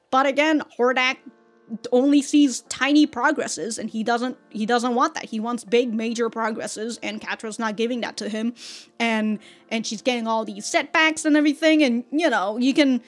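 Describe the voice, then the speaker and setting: A woman hosting a reaction video, talking casually and animatedly about a cartoon episode, laughing often and swearing freely. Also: fairly high pitch. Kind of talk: casual commentary.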